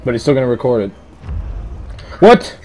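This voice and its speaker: A man's voice: fairly low pitch, moderate pace, warm tone, a little hiss or hum. A man giving casual, rambling commentary while playing a horror game, easily startled and yelping at scares, on a headset mic. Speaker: let's play commentator.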